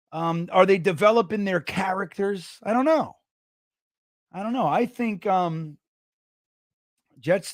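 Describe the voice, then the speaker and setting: Middle-aged male livestream host, high and animated, excitable and rambling, recorded on a dry close mic. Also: no room sound. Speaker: podcast host reading live chat. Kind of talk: casual livestream chat.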